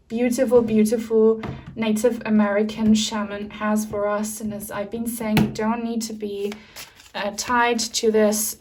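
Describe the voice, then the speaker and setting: A woman giving a pick-a-card tarot reading to camera, speaking softly with many pauses and fillers and sounding moved. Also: medium pitch, a little hiss or hum. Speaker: tarot reader.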